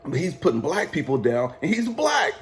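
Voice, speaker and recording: A man's voice: fairly high pitch, huge pitch swings, moderate pace, slight background noise. A man from California telling a personal story in a casual, profane, defiant way, laughing often. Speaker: life coach vlogger.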